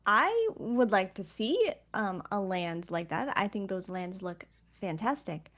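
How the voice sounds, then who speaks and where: A woman's voice: mid-range voice, very animated, unhurried, fairly bright tone. A woman co-hosting a casual podcast chat, teasing and playful with her co-host.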